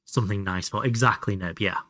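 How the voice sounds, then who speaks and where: A man's voice: on the low side, brisk, bright, forceful tone, dry recording, clean studio sound. A man chatting casually while streaming a game and answering his chat.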